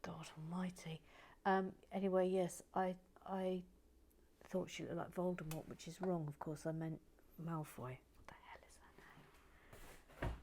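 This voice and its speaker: A woman's voice: on the low side, fairly even intonation, unhurried, a little hiss or hum. Chatty woman, half-whispering. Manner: rambling, self-deprecating, slips between whisper and soft talk. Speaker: host of a building channel. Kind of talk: casual chat while building, partly whispered.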